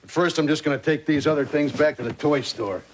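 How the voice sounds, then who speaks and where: A man's voice: fairly high pitch, a little fast, close to an everyday voice. An actor playing an exasperated, pleading sitcom father. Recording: sitcom audio with heavy noise.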